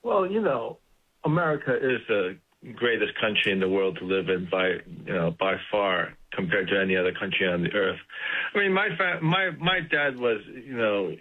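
A man's voice: lowish voice, animated, normal speed. A male guest, a company executive, talking in an earnest, plainspoken way. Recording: tinny phone-like line.

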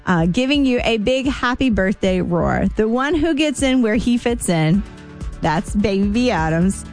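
A woman's voice: a little high, lively intonation, measured pace, darkish tone, faint music behind. A woman hosting a morning radio show in a studio, talking in a chatty, effusive way with plenty of ums and some playful teasing. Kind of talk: casual on-air chat.

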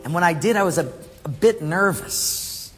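A man preaching a sermon, telling stories with animated acted-out voices and dropping low and soft for emphasis. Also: moderate pace, over music. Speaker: pastor. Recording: hall reverb, faint room noise.

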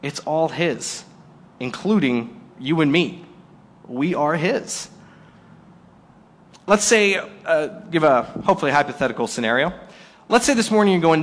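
A male pastor delivers a sermon at a church service, his voice sitting a little high for a man. He tells stories with animation, swinging between loud, pushed lines and soft, drawn-out ones. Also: long reverb tail. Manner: animated storytelling, acting out scenes in quotes. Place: church service before a congregation.

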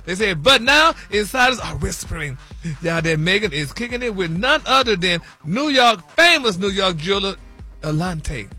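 Sassy high-voiced man dishing gossip. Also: lively intonation, moderate pace, bright, forceful tone, slightly rough, faint music behind. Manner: sassy and flamboyant, calls listeners honey and y'all. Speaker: celebrity gossip correspondent. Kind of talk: comic radio gossip segment.

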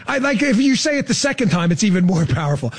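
A man's voice: sits high, very animated, fast talker, husky. A male radio talk show host delivering political commentary in a sarcastic, incredulous rant. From Florida resident.

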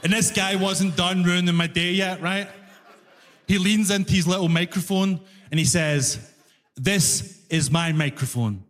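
A Glaswegian comedian with a fairly high voice tells a story with exasperated, animated energy. He is on a live stage, and his voice rings out into a reverberant concert hall. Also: normal speed. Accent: Glaswegian Scottish. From Glasgow, Scotland. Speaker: stand-up comedian. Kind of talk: stand-up storytelling.

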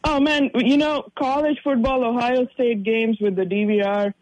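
A man's voice: extremely high pitch, steady tone, normal speed, no echo, low-quality recording. A man co-hosting a sports talk radio show, needling his partner with dry teasing humor. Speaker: radio co-host.

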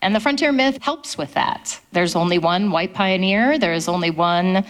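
A woman historian speaking at a public event, telling history in a lively storytelling way. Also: fairly low pitch, moderate pace.

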